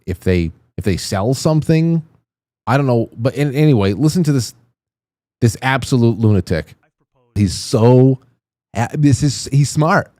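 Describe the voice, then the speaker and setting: A man's voice: medium pitch, dark tone, no echo. A man hosting a political commentary show, ranting with indignant, profane outrage. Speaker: show host.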